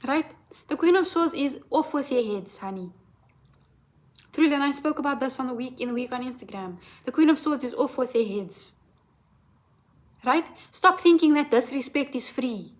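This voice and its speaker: A woman's voice: high-pitched, expressive, moderate pace. A woman giving a tarot reading as a blunt, profane, impassioned rant, asking "right?" again and again. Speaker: tarot reader.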